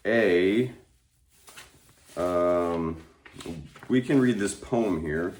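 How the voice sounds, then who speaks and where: A man leading a vocal warm-up, talking deliberately slowly and drawing out every vowel as he explains and drills single words. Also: deep voice. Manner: drawn-out elongated vowels, deliberately slow delivery.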